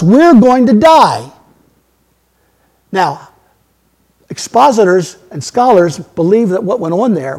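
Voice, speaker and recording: A man preaching a sermon as a pastor, emphatic, swinging between loud outbursts and quiet asides. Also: high voice, husky. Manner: emphatic preaching with sudden loud rises and soft drops.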